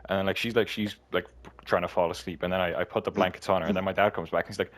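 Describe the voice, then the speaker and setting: Young man, deep voice, fast filler-heavy storyteller. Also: steady tone. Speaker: friend telling jokes. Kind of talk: casual chat with friends.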